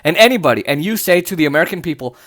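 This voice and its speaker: A man's voice: on the high side, expressive, rapid-fire, a bit bright. A man hosting a political podcast, reacting to news clips in an angry, profane, mocking rant that breaks into laughter. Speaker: podcast host.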